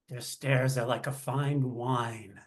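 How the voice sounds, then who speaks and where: A man's voice: mid-range voice, fairly even intonation, very slow. A man voicing a vain, theatrical dandy who speaks with a royal we, pompous and grandly condescending. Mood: languid, grand.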